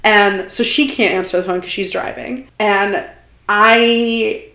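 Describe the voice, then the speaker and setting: A young woman telling a long personal story in casual chat, animated and full of fillers and quoted asides. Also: medium pitch, slow pace. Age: young adult. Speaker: podcast guest. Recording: roomy echo.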